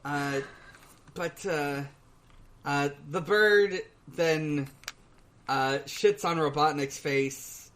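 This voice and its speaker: A man co-hosting a podcast in casual chat, recapping a cartoon in a hesitant, halting way full of pauses. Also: on the high side, steady tone, fairly bright tone. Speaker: podcast co-host.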